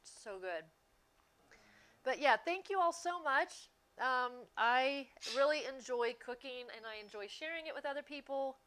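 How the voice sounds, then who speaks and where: A woman's voice: high voice, animated, a bit bright. A woman chatting casually and laughing easily as she bakes and talks to viewers on a livestream. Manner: chatty, easygoing, quick to laugh. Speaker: streamer. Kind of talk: casual chat while baking on a livestream.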